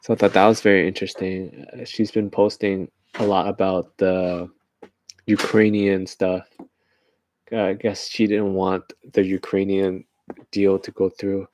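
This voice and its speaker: A man's voice: deep voice, flat delivery, measured pace, a little mellow, a little hiss or hum. A man from the United States giving rambling, joking current-events commentary on a livestream, often laughing at his own jokes.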